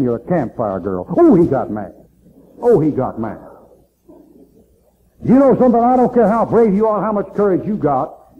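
A man preaching a fiery sermon in a church, folksy and emphatic, repeating lines for effect. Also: fairly high pitch. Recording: tinny, phone-like old tape recording.

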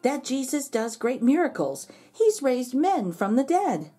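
A patient mother donkey, as a woman puts her on, soft and soothing as she settles her little one. The voice is warm and a little breathy, with lively ups and downs. It is told as a storybook read-aloud. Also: high voice, measured pace, voice pushed up, heavily acted. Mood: tender.

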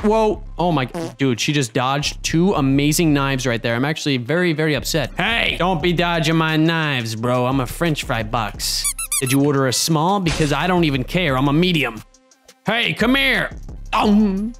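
A young man giving excitable, jokey commentary over his own gameplay. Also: high voice. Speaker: gaming YouTuber.

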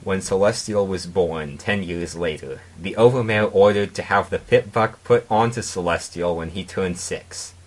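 A man with a very low, husky voice reads a piece of fan fiction aloud for comedy. He keeps a deadpan tone and drops in mocking asides as he goes. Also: moderate pace, few pauses. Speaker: narrator.

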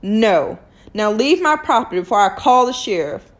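A woman's voice: medium pitch, big pitch swings, normal speed. Woman doing a sneering cold-hearted doctor. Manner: contemptuous, curt, drawling dialect. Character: cold, sneering white male town doctor.

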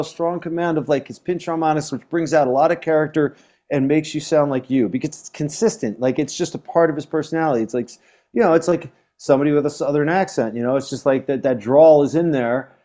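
A man talking as a guest musician in a casual chat, excitable and rambling, with lots of restarts and fillers. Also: fairly high pitch, brisk.

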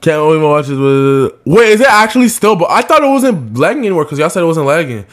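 American guy reacting to drill tracks, pitch all over the place, slangy and loose, music under him. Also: very animated, fast. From United States. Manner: loose slangy chatter, drops into playful French. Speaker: reaction streamer. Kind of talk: casual reaction commentary.

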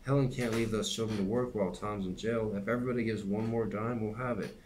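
A man's voice: lowish voice, fairly even intonation, quick pace, darkish tone, slight background noise, lightly acted. A man voicing a stern, stocky preacher who declaims from the pulpit. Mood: preaching. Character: stern stocky male preacher, middle-aged.

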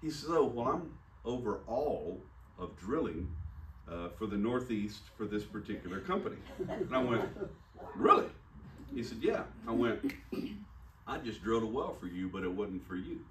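This sermon comes from a pastor whose voice sits on the low side, recorded from a distance in an echoey room with a little hiss or hum. He recounts a personal story in a conversational, self-deprecating manner, acting out the dialogue.

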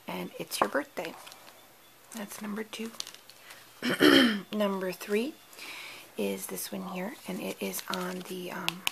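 A woman's voice: on the low side, creaky, noisy background. A woman casually walking through her handmade cards, chatty, stumbling over product names and apologizing. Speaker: card-making crafter. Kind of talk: casual craft show-and-tell.

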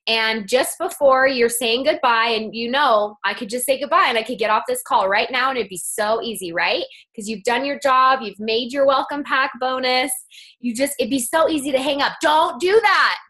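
Woman on a team call, fairly high voice, eager chatty coaching, lots of ums and restarts. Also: a bit bright. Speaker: guest speaker on a sales team call. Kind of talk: motivational team-call talk. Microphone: phone or conference-call line.

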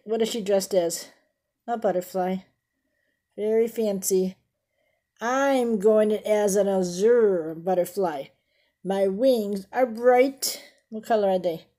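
Slow, mellow woman reading a storybook. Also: mid-range voice. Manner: stops often to ask listeners questions about the pictures; explains fancy words simply. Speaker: storybook reader. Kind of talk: reading a picture book aloud to children.

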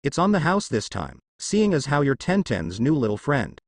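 A man voicing a fond, doting middle-aged father who runs a shop, a touch lower and gruff. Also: big pitch swings, normal speed, no room sound.

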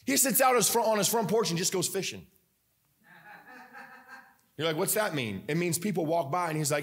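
A man's voice: high-pitched, moderate pace, long pauses, slightly rough. A man preaching a sermon in a church, telling stories with lots of energy, fillers and repeated phrases. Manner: energetic, animated storytelling with many fillers and repetition. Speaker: pastor. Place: church sanctuary.

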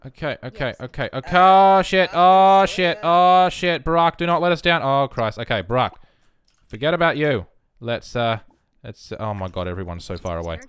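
An excitable man, rambling through casual gameplay commentary and bursting into shouts. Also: medium pitch, normal speed, clear, resonant tone. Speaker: game streamer.

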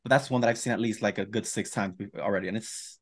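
A man's voice: fairly low pitch, quick pace. A man co-hosting a podcast, chatting casually and gushing with lots of stumbling restarts. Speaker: podcast co-host. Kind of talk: casual chat.

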